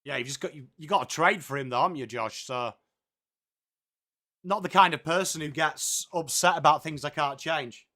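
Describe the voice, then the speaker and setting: A man with an English accent hosts a live football watchalong, calling the play in loose, chatty commentary. His voice sits high and sounds bright. He swears now and then and answers his viewers' comments. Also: moderate pace. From England.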